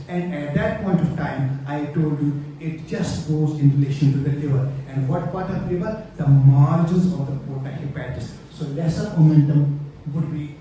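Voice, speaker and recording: A man's voice: fairly high pitch, mellow. Echoey, distant male anatomy lecturer. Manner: explanatory, checks in often with rhetorical questions. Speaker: medical lecturer. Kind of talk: exam-prep anatomy lecture. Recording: very echoey room, distant mic, faint noise.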